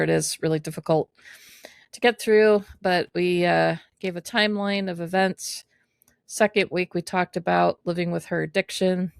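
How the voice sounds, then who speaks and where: A woman co-hosting a podcast, guiding the conversation in a measured way and recapping earlier episodes. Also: fairly low pitch, gravelly, no room sound, clean studio sound. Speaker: podcast co-host. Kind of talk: candid personal conversation.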